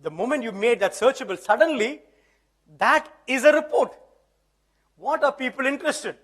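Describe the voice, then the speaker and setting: High-voiced man giving a live demo. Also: a little fast, fairly bright tone. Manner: conversational, keeps checking the audience understands. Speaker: presenter. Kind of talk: live tech demo talk. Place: event hall.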